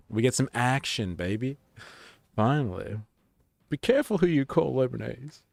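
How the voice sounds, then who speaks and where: A man's voice: medium pitch, very animated, measured pace, vocal fry, a little mellow, dry recording. A man chatting casually on a live stream while gaming, reacting to chat and swearing offhandedly.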